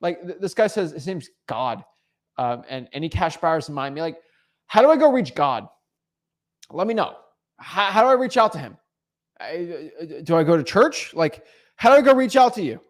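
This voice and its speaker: A man's voice: fairly high pitch, animated, moderate pace. A man hosting a coaching livestream, talking bluntly and teasingly, often stumbling and repeating words. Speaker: real estate wholesaling coach hosting a livestream. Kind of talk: unscripted livestream coaching talk.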